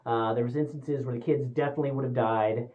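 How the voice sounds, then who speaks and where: A woman giving a casual spoken movie review, exasperated and sarcastic, acting out characters' lines in quick asides. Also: a bass voice, fairly even intonation. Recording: tinny phone-like sound.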